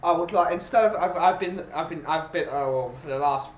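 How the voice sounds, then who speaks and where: A man's voice: fairly high pitch, slight background noise. Rambling British man chatting casually. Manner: rambling, halting restarts. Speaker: podcast host. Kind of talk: casual chat. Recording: roomy with music behind.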